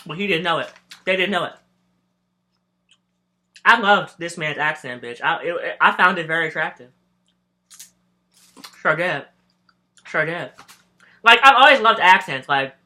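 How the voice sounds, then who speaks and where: A man's voice: high-pitched, lively intonation, fairly quick, pauses often, pushed and bright. A young man hosting a casual storytime podcast while snacking, sassy and profane, rambling from one tangent to the next and calling his listeners "girl". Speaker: podcast host.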